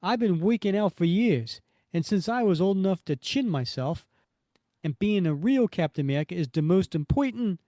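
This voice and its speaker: A man's voice: sits high, expressive, moderate pace, warm tone, no echo, studio quality, voice pushed up. A man voicing a brash, boastful young male costumed hero with a New York accent. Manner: cocky, boastful.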